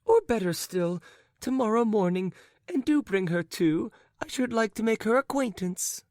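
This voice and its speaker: A man voicing a giddy elderly noble lady, shrill and breathless with laughter. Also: expressive, normal speed, darkish tone, no echo, clean studio sound. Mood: eager.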